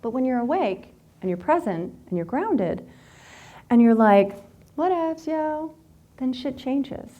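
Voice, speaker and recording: A woman speaking with a voice pitched a little high for a woman, addressing a live group in a motivational workshop. She talks candidly and swears freely. She tells her stories with animated, playful energy. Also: a little slow, highs cut off. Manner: candid, profane, animated storyteller.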